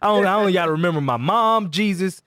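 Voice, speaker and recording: Joking co-host, slightly high man's voice. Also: quick pace, fairly bright tone, no room sound. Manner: joking, playful banter. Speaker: show co-host. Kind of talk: casual live show chat.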